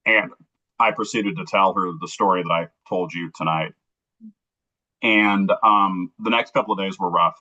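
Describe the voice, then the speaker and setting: A man's voice: deep voice, moderate pace, bright, forceful tone, highs cut off. A middle-aged man, an interview guest, earnestly telling a personal story on a livestream and acting out remembered dialogue.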